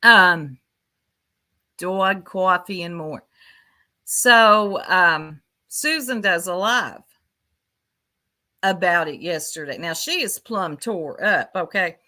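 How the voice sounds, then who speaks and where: A woman's voice: fairly low pitch, animated, takes it slowly, pauses often, pushed and bright. A woman hosting a casual livestream, rambling and chatty as she answers viewers in her chat by name, speaking into a desktop mic. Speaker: YouTube livestream host.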